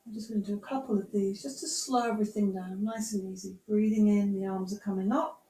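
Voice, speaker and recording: A woman guiding a yoga class with gentle, encouraging, unhurried instructions. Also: medium pitch, fairly even intonation. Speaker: yoga teacher. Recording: echoey room, voice from far off.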